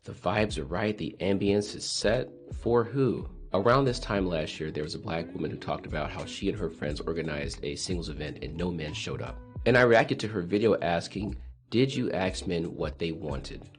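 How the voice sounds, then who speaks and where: A man hosting his channel, giving measured, analytical commentary on a video he reacts to. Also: low voice, faint music behind. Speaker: channel host.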